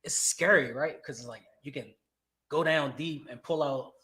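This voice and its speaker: A man telling animated stories in a casual chat about acting. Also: a little high, normal speed. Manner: animated storyteller acting out quotes. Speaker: actor guest.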